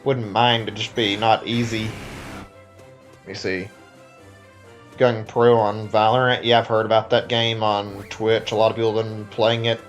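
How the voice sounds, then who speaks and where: A man's voice: on the low side, level tone, normal speed, faint music behind. Tired, rambling male game streamer. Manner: rambling, hedging with many "like"s and restarts. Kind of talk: casual live-stream chat.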